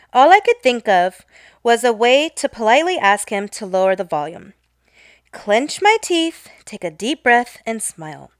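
A woman telling a wry, animated story from her job in an eyewear shop. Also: a little high, dry recording, studio quality. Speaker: optician telling a work story. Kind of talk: comedic storytelling.

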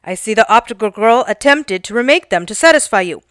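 A stern courtroom judge, played by a woman, who lays out formal, measured rulings. The pitch sits fairly high with a lively range. The sound is dry and close. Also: clean tone, dry recording.

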